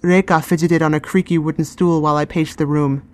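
A woman giving calm, scripted first-person narration of a fantasy story. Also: sits low, brisk.

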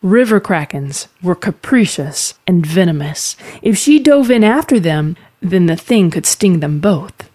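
Woman narrator, fantasy podcast story, calm, measured, slightly low voice.

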